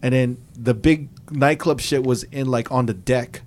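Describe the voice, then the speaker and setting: A man and DJ telling a story in casual podcast chat, profane and animated, slipping into quoted voices. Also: medium pitch, normal speed.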